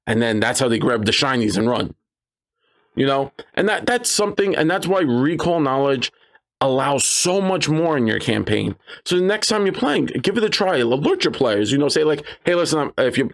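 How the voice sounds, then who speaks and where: A man talking casually about running tabletop games, telling stories animatedly and jumping into high voices to quote his players. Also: vocal fry. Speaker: game master giving advice. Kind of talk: casual advice talk with anecdotes.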